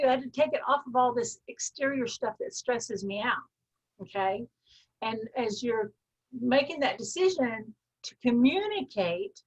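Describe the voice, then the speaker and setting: A woman with a Texas twang hosting a coaching call, riffing free form with deadpan humor and frequent laughs. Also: on the high side, low-quality recording. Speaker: host, personal growth coach.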